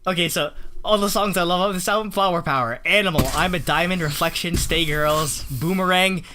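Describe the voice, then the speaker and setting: A man's voice: high voice, a little fast, background noise. A man co-hosting a podcast in a casual chat, gushing and chatty, heavy on filler words. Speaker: podcast co-host.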